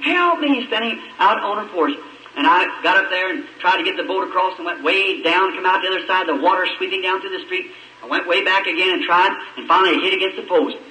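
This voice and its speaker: A man's voice: fairly high pitch, sharp tone, roomy sound, distant mic, poor audio. A man preaching a sermon, telling a personal story in a fervent, pleading voice. It is an old radio recording. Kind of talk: sermon testimony.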